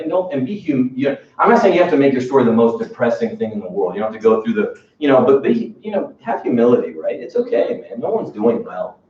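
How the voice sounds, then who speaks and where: Animated man telling a story in a roomy hall. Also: medium pitch. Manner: animated storyteller acting out bosses, laughing, street-talk swearing. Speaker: sales team trainer. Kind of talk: motivational training talk. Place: training room with audience. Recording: roomy, distant, muffled room recording with background noise.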